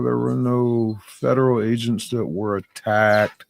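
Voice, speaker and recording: A man's voice: mid-range voice, steady tone, measured pace, vocal fry, hardly any pauses, no echo. A man hosting a casual opinion chat, blunt, profane and combative. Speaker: podcast host.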